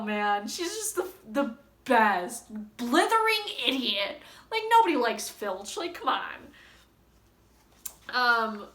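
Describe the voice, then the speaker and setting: A woman's voice: high-pitched, fairly bright tone, roomy sound. A young woman book vlogger chatting casually and gushing about favorite moments, rambling with many likes and ums and reading passages aloud.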